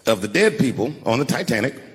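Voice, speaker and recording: A man's voice: mid-range voice, very animated, fast, crowd noise. Laid-back fifty-something male stand-up comic. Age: 50s. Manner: laid-back, conversational storytelling. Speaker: stand-up comedian. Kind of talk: stand-up comedy. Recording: echoey hall with noise.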